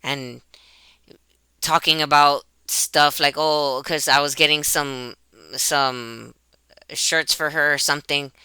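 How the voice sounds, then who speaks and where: A woman, a mother, recounting a personal family conflict to a webcam in a halting way, repeating words and restarting sentences. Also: low voice, fairly even intonation, pushed and bright, clean tone, dry recording. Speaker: mother telling a personal story. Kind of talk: emotional personal storytelling to camera.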